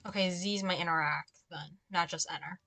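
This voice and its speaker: A woman's voice: on the low side, steady tone, moderate pace, pushed and bright, dry recording. A young woman giving casual let's-play commentary, chatty and given to exasperated ranting asides. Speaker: gameplay commentator.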